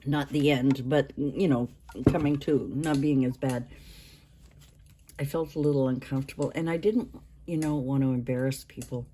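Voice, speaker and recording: A woman in her sixties chats through her craft supplies for her channel, in a low, mellow voice. She moves slowly and loosely, trailing off and starting phrases over. A faint hiss sits under the recording. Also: steady tone. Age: 60s. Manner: rambling, halting, with many restarts and fillers. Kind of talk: casual show-and-tell vlog.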